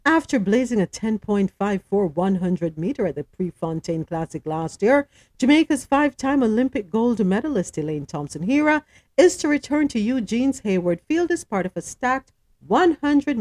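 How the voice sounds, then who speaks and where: A woman's voice: medium pitch, sing-song, normal speed, a little mellow, dry recording. A woman hosting a news podcast, reading stories aloud and adding her own chatty comments and questions. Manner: chatty, asks co-hosts questions, stumbles over names.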